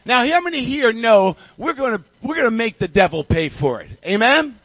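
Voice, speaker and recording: A male pastor preaching a sermon with call-and-response, building up to shouting. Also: extremely high pitch, sing-song, moderate pace, husky, no echo, muffled recording.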